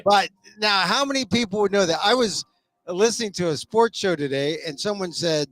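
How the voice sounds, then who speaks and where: Chatty male talk-show host, slightly high voice. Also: animated, a bit bright, faint music behind. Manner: conversational, agreeable, frequent quick affirmations. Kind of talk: casual chat.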